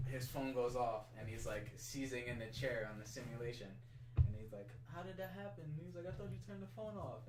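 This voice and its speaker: A man's voice: medium pitch, recorded from a distance. Male co-host, casual storyteller, rambling and profane; roomy, noisy mic. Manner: rambling, full of "like" and swearing. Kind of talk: casual chat, retelling a story.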